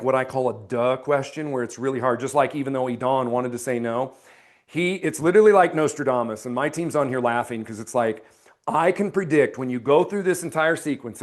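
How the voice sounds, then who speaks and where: A man coaching sales technique who role-plays his closing pitch to a homeowner, dropping into a slow, low, serious tone for the close and turning energetic and emphatic when he explains it.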